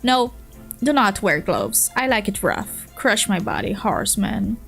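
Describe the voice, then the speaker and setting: A woman's voice: medium pitch, big pitch swings, measured pace, gravelly, a bit bright, soft background music, full character voice. A woman with a Brazilian Portuguese accent voicing a crude, flirtatious female troll who talks in short, blunt lines. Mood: lewd.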